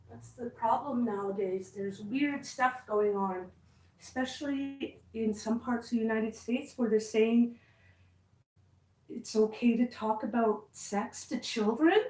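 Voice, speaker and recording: A high-pitched woman talks slowly and bluntly to her viewers, calling out rude comments with open indignation. She sits back from the mic, so her voice carries a roomy echo. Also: a little mellow, distant mic. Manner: blunt, indignant, swears when annoyed. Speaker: vlogger. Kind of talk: casual chat to camera, reading comments.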